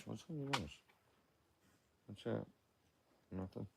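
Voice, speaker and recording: A man hosting a casual livestream from outdoors at home, chatting with viewers and cooing softly to his dogs. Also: lowish voice, normal speed, a little hiss or hum. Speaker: livestream host. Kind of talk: casual live chat.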